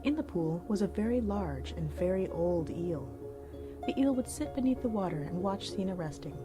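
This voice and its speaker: A woman narrating a folk tale in a gentle, clear storybook style. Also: mid-range voice, lively intonation, normal speed. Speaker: narrator and cooking host. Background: music.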